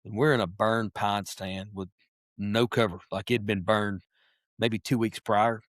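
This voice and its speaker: A man telling a hunting story as a podcast guest, animated and lively, acting out voices and clearing his throat often. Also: lowish voice, measured pace, no echo, clean studio sound. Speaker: podcast guest, wildlife biologist. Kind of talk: casual storytelling.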